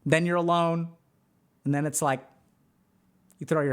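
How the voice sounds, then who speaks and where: A man's voice: fairly high pitch, fairly even intonation, measured pace, clear, resonant tone. Emphatic man giving casual advice. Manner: emphatic, many "like" fillers, acts out quoted people. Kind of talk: casual advice talk to a live chat.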